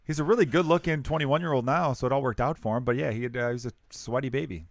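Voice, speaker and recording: Fast-talking man hosting a casual chat. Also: mid-range voice, no room sound, studio quality. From Chicago area. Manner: joking, rambling, quick asides. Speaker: podcast host.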